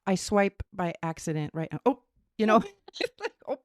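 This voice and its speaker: A middle-aged woman, co-hosting a podcast in casual, animated chat. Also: medium pitch, normal speed, no echo, clean studio sound. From Minnesota. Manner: animated, explains theories, laughs. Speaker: podcast co-host.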